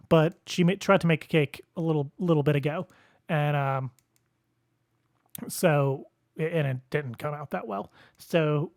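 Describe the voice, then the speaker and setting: A man's voice: on the high side, no room sound, clean studio sound. A young man hosting a podcast alone, telling a rambling story in casual chat, often chuckling at himself. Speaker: podcast host.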